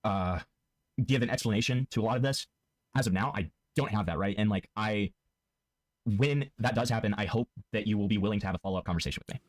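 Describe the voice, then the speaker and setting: A man asking pointed questions in a casual call, hedging and halting with many likes and restarts. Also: fairly low pitch.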